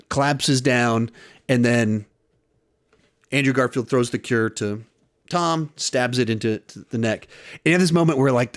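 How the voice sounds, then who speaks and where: A man in his young adulthood talks through a film review at an ordinary mid pitch. He chats casually and retells scenes with animation, slipping into quoted lines as he goes. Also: a little slow, pauses often, no room sound, clean studio sound. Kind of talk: casual spoken movie review.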